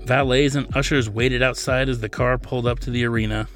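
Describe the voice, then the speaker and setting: A man, the author, narrating his science fiction novel as a scripted reading in a steady storytelling manner. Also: medium pitch, brisk, faint music behind. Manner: steady storytelling, plays character lines lightly.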